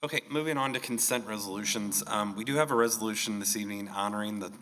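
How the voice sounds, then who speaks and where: Man, board chair, brisk and procedural, bright edge, low-ish voice, faint room noise. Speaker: board president chairing the meeting. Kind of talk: meeting procedure. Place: school board meeting room.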